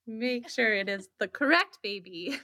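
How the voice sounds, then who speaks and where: A woman pediatric oncologist chatting as a guest, telling stories with lively acted-out dialogue. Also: fairly high pitch, unhurried, a little hiss or hum. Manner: animated storyteller, acts out dialogue with laughs. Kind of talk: casual chat.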